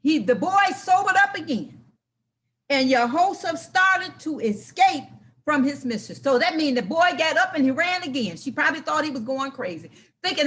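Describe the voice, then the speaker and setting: A woman's voice: high-pitched, expressive, moderate pace, fairly bright tone. A woman reading a Bible story aloud and breaking off into emotional, exclaiming commentary and personal anecdotes.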